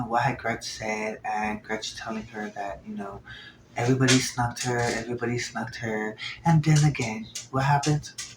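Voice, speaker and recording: Casual male reviewer, animated, roomy sounding room, faint hiss behind. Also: mid-range voice. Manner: chatty, animated, slips into hushed quoted asides. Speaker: show reviewer. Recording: roomy echo, faint background noise.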